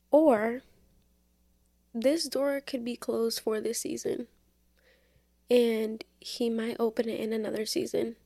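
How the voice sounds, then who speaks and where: A woman's voice: fairly high pitch, steady tone, slow pace, vocal fry, long pauses, mellow, no echo. A young woman hosting a casual Christian podcast, talking earnestly with lots of fillers. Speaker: podcast host. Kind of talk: casual faith talk.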